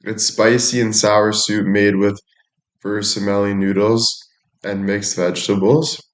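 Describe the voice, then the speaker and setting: A man's voice: lowish voice, little pitch movement, unhurried. A young man chatting casually to his audience, rambling and making crude jokes.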